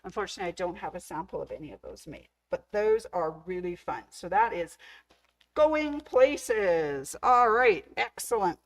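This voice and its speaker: A woman's voice: medium pitch, animated, normal speed, low-quality recording. A woman hosting a casual sewing shop video, chatty and enthusiastic as she shows off patterns, gushing over how cute everything is. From Canada. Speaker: sewing store host. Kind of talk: casual show-and-tell demo.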